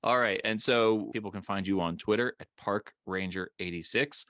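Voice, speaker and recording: A man's voice: fairly low pitch, moderate pace, bright, forceful tone, no room sound. A man hosting a podcast in casual chat, joking and laughing easily, recorded outdoors at a park. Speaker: podcast host.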